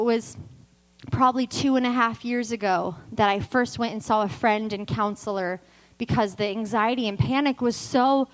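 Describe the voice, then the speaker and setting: A woman preaching a sermon with passion, swinging from loud emphatic declarations to soft, intimate storytelling with touches of self-deprecating humor. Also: a little high, poor audio.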